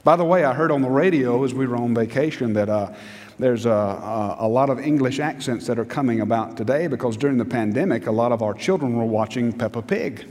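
Pastor, middle-aged man, emphatic sermon with rhetorical questions, mid pitch, long hall reverb. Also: brisk, darkish tone. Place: church sanctuary.

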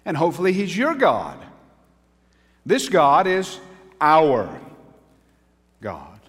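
A pastor delivering a sermon, his voice leaping up and dropping low again with lively, animated pitch. He pauses dramatically, builds to emphatic peaks and speaks directly to his listeners, inviting them to repeat after him. A long reverb hangs behind him, as in a large church sanctuary.

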